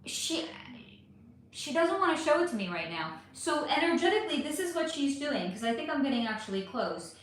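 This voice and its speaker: A woman's voice: high voice, sing-song, normal speed, very echoey, a little hiss or hum. A woman hosting a casual livestream, chatting and rambling through viewer questions with many fillers. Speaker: livestream host. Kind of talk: casual livestream chat answering viewer comments.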